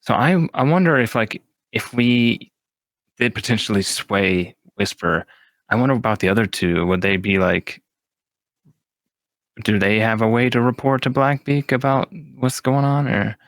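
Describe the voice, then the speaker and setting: A man's voice: medium pitch, a little slow, a bit bright, dry recording. A man who is a tabletop game player, chatting casually in a thoughtful, tentative way. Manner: thoughtful, tentative, often unsure. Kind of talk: casual chat about a tabletop campaign.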